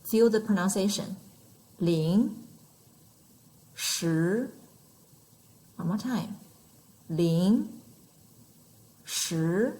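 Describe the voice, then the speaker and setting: A woman's voice: mid-range voice, a little mellow, poor audio. A woman teaching numbers and tones in an online lesson, patient and demonstrating each sound aloud. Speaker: Mandarin teacher.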